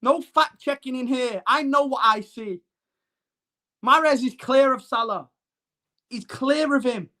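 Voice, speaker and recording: A man's voice: extremely high pitch, unhurried, long pauses, bright, forceful tone. A man hosts a live-streamed football show. He talks to his chat in a brash, mocking and emphatic way. His delivery is blunt and combative.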